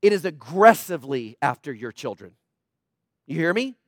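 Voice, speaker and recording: Male pastor, high voice, urgent emphatic sermon delivery in church, dry close sound. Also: very animated, normal speed, no room sound. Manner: urgent, emphatic preaching with repetition.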